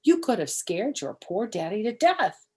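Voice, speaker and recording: A woman's voice: medium pitch, sing-song, unhurried, mellow, slightly rough, pitched above the performer's own voice. An older woman voicing a firm, scolding mother in a storybook reading. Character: scolding mother of a young girl.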